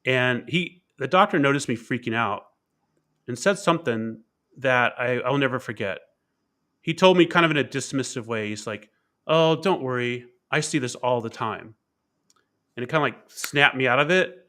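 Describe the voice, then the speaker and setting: Interview guest, man, bright and forceful tone, candid and reflective storytelling, frequent fillers and repeated words. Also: mid-range voice, animated, moderate pace. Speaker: keynote speaker and author being interviewed.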